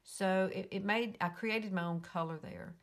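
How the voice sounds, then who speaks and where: A woman's voice: mid-range voice, moderate pace. An older woman with a Southern US accent, chatting casually and rambling with giggles while hosting a makeup tutorial from her bedroom. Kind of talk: casual live-stream chat. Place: bedroom at home.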